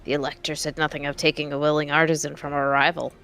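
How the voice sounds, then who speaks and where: A woman's voice: low-pitched, little pitch movement, quick pace, a bit bright, clear, resonant tone, faint music behind. A woman voicing an earnest young female claimant while reading game dialogue aloud.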